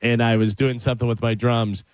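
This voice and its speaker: A man hosting a radio show, chatting casually and telling animated stories with frequent laughs. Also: mid-range voice, a little fast, smooth, no room sound. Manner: animated storyteller, laughs often. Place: radio studio. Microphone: studio microphone.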